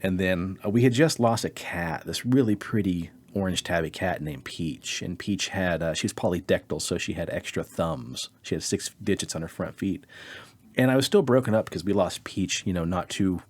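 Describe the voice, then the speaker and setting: Animated storytelling podcast man. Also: deep voice, moderate pace. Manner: animated, acts out quotes in a raised voice. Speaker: podcast co-host. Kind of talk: casual storytelling.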